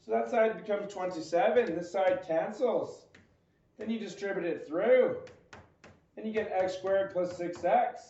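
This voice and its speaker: This math homework lesson comes from a man with a high, light voice, delivered a little slowly with a dark tone as he quizzes the listener through jokey, playful asides. The dull, lo-fi recording has echo and a little hiss or hum.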